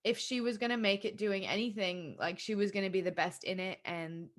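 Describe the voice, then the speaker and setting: An Australian woman in her thirties hosts a podcast, talking casually and a little rambling. Her pitch sits in an ordinary middle range. She sounds enthusiastic and unscripted. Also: steady tone, brisk. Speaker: podcast host.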